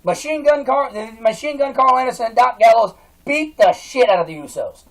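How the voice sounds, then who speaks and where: A man's voice: very high voice, lively intonation, a little fast, a bit bright, poor audio. A man giving a heated wrestling reaction rant, swearing constantly and restarting his sentences as he vents. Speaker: wrestling fan vlogger.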